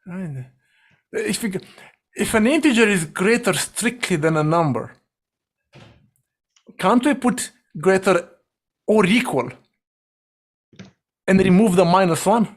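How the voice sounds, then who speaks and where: A man leading a remote group coding session, thinking aloud and giving quick directions. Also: high-pitched, animated. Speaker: session facilitator. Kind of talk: guiding a live coding session.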